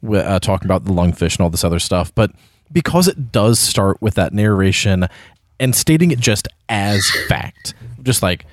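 An animated man talking about classic films with a pitch that swings up and down freely. He jokes around as he talks, recorded close and dry on a podcast mic. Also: normal speed, no echo. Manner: animated, joking, puts on mock narrator voices. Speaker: podcast co-host. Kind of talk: casual film discussion.

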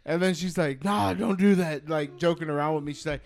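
A man's voice: fairly high pitch, brisk, vocal fry, a little mellow. A young man co-hosting a casual podcast, telling a story in a laid-back, slangy way. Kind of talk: casual chat.

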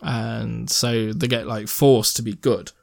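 A man's voice: mid-range voice, steady tone, slow pace, gravelly, a little mellow, dry recording, clean studio sound. A young man chatting casually about films as a podcast co-host, rambling and swearing, laughing often. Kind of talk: casual film chat.

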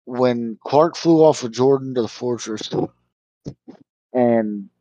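Podcast dude getting worked up, swears a ton, acts out lines, dry mic. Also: male voice, medium pitch, slow pace, no room sound, dull audio. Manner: animated storyteller, swears a lot, acts out characters' lines. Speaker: podcast co-host. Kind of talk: casual review chat.

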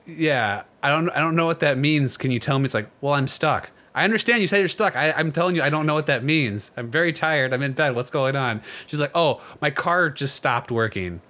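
A man's voice: on the high side, brisk, few pauses, sharp tone. A married man co-hosting a podcast, laid-back, joking and chiming in with short replies. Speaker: podcast co-host. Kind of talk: casual chat.

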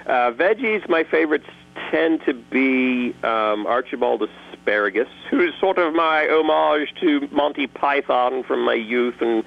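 Animated man, dull lo-fi recording. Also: mid-range voice, unhurried, vocal fry. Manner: animated, jokey, slips into character voices. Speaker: guest voice actor and creator. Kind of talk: casual interview answers.

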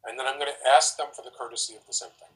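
A man giving relationship advice in a casual, animated way, acting out example conversations as he explains. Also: medium pitch, very fast, rough recording. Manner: animated, acts out example dialogues.

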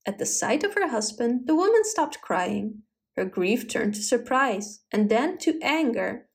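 A woman narrating a folk tale in an expressive, dramatic storybook style. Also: on the high side, a little slow.

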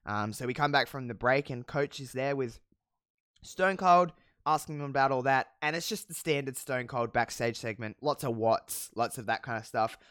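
A podcast host casually recapping a wrestling show, telling it with animated, profane storytelling and frequent laughs. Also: medium pitch, normal speed, clear, resonant tone, no echo, clean studio sound. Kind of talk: casual chat.

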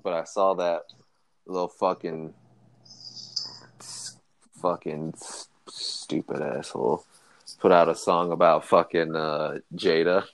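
A man with a very low voice chats on a casual podcast. He talks loudly and profanely, often getting worked up and laughing. The sound is dry and close, with no room around it. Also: no echo. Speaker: podcast co-host. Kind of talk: casual chat.

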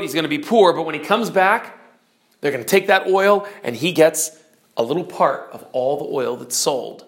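A male teacher animatedly retelling a classic novel's story to his class, pausing to explain terms. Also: fairly high pitch, a bit bright.

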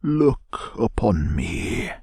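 A man voicing a slow, breathy Christmas ghost. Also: medium pitch, big pitch swings, dark tone, dry recording, studio quality, voice pushed up, full character voice. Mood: welcoming. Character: jolly giant male Christmas ghost.

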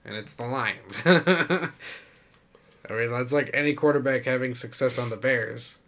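A young man co-hosting a relaxed sports talk show. He teases his co-host and breaks into laughter often as they banter. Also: medium pitch, measured pace. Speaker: podcast co-host. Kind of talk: casual sports chat.

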